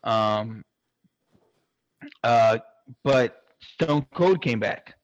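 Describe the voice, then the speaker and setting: A man chatting casually, excitable and swearing constantly, rambling with lots of fillers. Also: medium pitch, very slow, no room sound, highs cut off. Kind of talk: casual chat.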